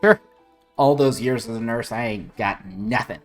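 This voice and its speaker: A streamer casually commenting on a game while reading its text aloud, blunt and quick to swear and laugh. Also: medium pitch, soft background music. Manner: blunt, swears, laughs, reacts loudly to choices.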